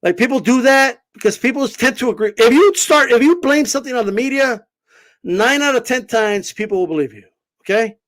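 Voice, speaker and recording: A man talking boxing in a casual vlog, animated and swearing, rambling with lots of fillers. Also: extremely high pitch, a little fast. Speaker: boxing commentator.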